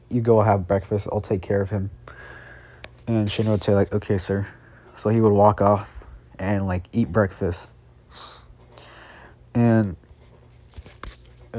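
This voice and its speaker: A man's voice: fairly low pitch, warm tone. A young man casually telling an improvised fan story, rambling with many fillers and restarts.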